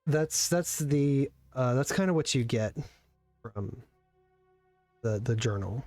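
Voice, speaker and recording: A man acting as game master, narrating and explaining slowly with many pauses and fillers. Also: mid-range voice, expressive, darkish tone, no room sound, soft background music. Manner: slow and halting, many ums.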